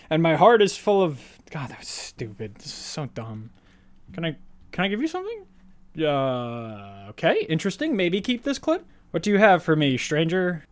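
A man giving casual, goofy gameplay commentary, excitable one moment and mumbling the next. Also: fairly high pitch. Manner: goofy, excitable, swings between shouts and mumbles. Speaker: gaming YouTuber.

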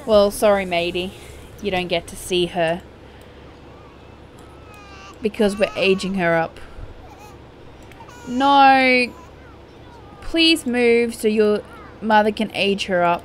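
A woman's voice: medium pitch, slow pace, pauses often, a little hiss or hum. A young woman, chatting casually as she plays a life-simulation game and playfully scolding her characters. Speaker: gaming YouTuber. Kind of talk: casual gameplay commentary.

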